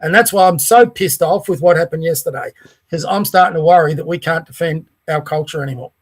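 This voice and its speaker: A man's voice: fairly high pitch, fairly quick. A man co-hosting a podcast, making long, opinionated, rambling arguments. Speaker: podcast co-host. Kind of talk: casual podcast chat.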